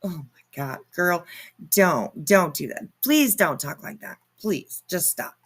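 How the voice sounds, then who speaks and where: A woman's voice: fairly low pitch, expressive, slow, a bit bright, breathy edge. A woman hosting her own commentary channel, reacting to clips in a sarcastic, mocking way and swearing freely.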